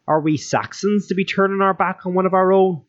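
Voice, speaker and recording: A man voicing an excitable, loyal young rebel who speaks in urgent exclamations, recorded with a dull, lo-fi sound. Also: mid-range voice, moderate pace, no room sound, pitched above the performer's own voice, lightly acted. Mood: insistent.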